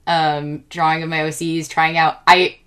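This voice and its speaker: A woman co-hosting a podcast in casual chat, rambling and excitable, with many fillers and restarts. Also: low-pitched, moderate pace, smooth. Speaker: podcast co-host.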